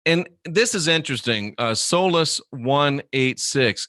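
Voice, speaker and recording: A man's voice: fairly high pitch, expressive, measured pace, hardly any pauses, sharp tone, no room sound, studio quality. Profane, joking man hosting a live chat. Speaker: livestream host reading chat.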